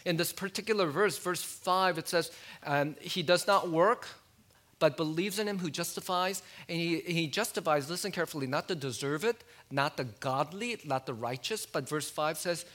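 Man, pastor, sermon, fairly high voice, talks with his listeners, goes low and soft on key words. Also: normal speed. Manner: conversational preaching with rhetorical questions, dropping low and soft on key words.

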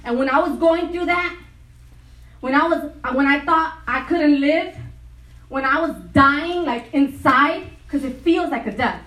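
A woman delivers a sermon at a retreat, her voice high and her storytelling animated and full of laughter. She sounds a little distant from the mic, and the hall around her echoes. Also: a little slow. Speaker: retreat speaker. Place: large hall.

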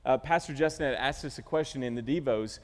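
A man's voice: medium pitch, fast, a little mellow. A middle-aged man preaching a sermon as pastor, telling stories animatedly and acting out the quotes. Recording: reverberant church hall.

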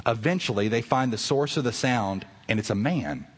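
A man's voice: animated, moderate pace. A man pastor delivering a sermon to his congregation, earnest and rising to emphatic peaks. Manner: earnest preaching that swells to emphatic highs. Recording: long reverb of a large hall.

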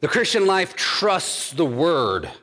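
A man's voice: on the high side, sing-song, slow, pushed and bright, big-room sound. A man preaching a sermon as pastor, driving his points home with emphatic repeated phrases.

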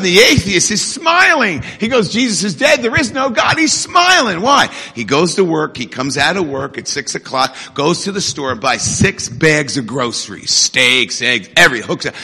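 A middle-aged man preaching a sermon with energetic call-and-response, in a church hall. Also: high voice. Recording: echoey hall.

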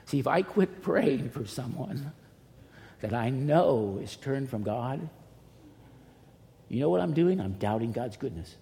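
A man preaching a sermon as pastor, emphatic and repetitive, swinging between loud pleas and hushed near-whispers. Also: mid-range voice, animated, moderate pace, creaky. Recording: reverberant hall with faint noise.

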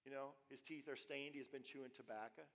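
A man preaching a sermon as pastor, animated and repetitive, dropping suddenly soft between louder phrases. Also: mid-range voice, fairly quick, creaky. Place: church. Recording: long reverb of a church hall.

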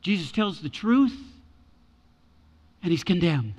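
A man preaching a sermon as pastor, animated and repeating his key words for emphasis. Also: high voice, takes it slowly, big-room sound.

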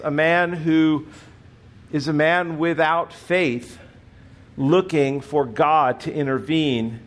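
A male pastor preaching a sermon, telling a story and then reading scripture aloud. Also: on the high side.

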